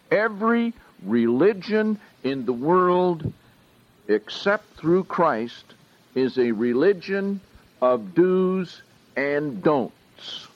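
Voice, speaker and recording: A man teaches scripture verse by verse, unhurried and full of questions for his listeners. His pitch rises and falls in a lively way. The recording sounds dull and lo-fi. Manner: slow and questioning, asks the audience often. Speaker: pastor teaching a Bible study.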